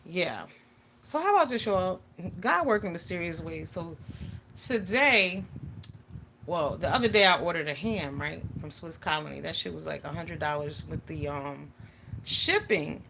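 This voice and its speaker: Woman livestreaming from home, bright tense voice, goes loud to hushed with her viewers. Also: on the low side, measured pace, vocal fry, a little hiss or hum. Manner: animated, greets viewers, swings from loud to quiet. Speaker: livestream vlogger. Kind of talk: casual livestream chat. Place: home in the US Northeast.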